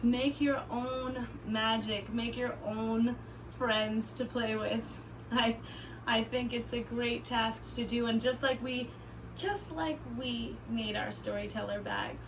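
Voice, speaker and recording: A woman teaching young children in a playful, animated way, with many excited exclamations. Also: on the high side, distant mic, slight background noise. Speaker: arts camp teacher. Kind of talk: children's lesson with pretend play.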